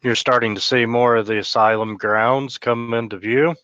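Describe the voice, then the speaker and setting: A man's voice: mid-range voice, steady tone, moderate pace, fairly bright tone, dry recording, lo-fi sound. A man narrating as game master, hesitant and full of filler sounds. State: hiccups.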